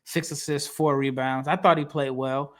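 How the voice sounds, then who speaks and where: Bright, lively man talking hoops. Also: fairly high pitch, moderate pace. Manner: animated, laughs often, quotes others in lively voices. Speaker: podcast co-host, draft analyst. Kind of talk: casual sports podcast talk.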